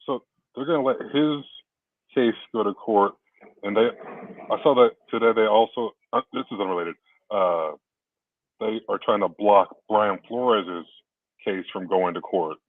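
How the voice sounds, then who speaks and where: A man's voice: fairly low pitch, a little slow, long pauses, no echo. A man on a podcast who chimes in with short reactions and follow-up questions about the news. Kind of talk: casual chat. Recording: tinny phone-line audio.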